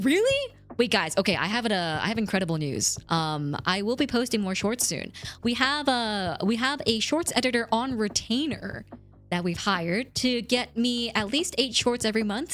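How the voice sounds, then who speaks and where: A young adult woman streamer chats casually with her viewers in a slightly bright voice, bouncing between squeaky highs and mock-deep lows.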